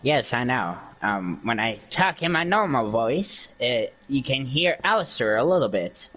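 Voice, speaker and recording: Slow, rambling young man bragging about voices. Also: medium pitch, big pitch swings, fairly bright tone. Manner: boastful, rambling with many fillers. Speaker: game streamer doing impressions. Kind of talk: casual gaming chat.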